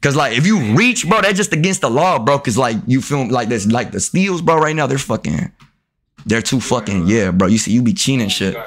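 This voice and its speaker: Young male streamer, profane and riled up, pitch swinging wide. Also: lively intonation, brisk, a bit bright. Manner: profane, trash-talking, riled up. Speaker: gaming streamer. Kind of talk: live game commentary with chat.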